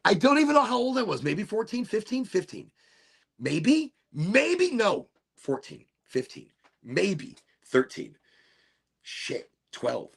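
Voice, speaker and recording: A man's voice: high voice, huge pitch swings, slow pace, creaky, slightly rough. A man hosting a casual podcast chat, telling rambling stories and swearing freely. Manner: rambling, swears a lot, repeats himself. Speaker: podcast host.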